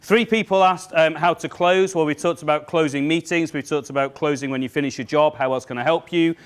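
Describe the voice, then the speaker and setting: An English sales trainer runs a workshop before a live audience, giving the room brisk instructions. His slightly high voice is upbeat and joking, with fairly even intonation and a smooth delivery.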